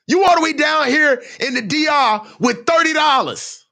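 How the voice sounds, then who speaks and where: A man's voice: very high-pitched, moderate pace, bright, forceful tone. A man hosting a live football reaction show, ranting in heated, slangy commentary.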